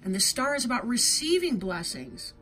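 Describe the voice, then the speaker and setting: A woman's voice: fairly high pitch, big pitch swings, moderate pace, sharp tone, a little hiss or hum. A woman giving an intuitive tarot reading to her viewers, talking in an earnest, heartfelt way and often checking in with "right?". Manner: earnest, emotional, tag questions like "right?". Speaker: tarot reader.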